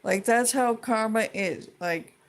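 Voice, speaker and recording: A woman's voice: a little high, takes it slowly. A woman ranting to her viewers in a heated, profane, rambling way, full of restarts and trailing thoughts. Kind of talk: casual rant to camera.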